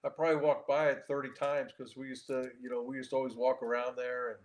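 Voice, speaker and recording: A man in his sixties, a former baseball player and manager, telling stories in a casual interview with an animated delivery and frequent restarts. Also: medium pitch, fast, a little hiss or hum, poor audio.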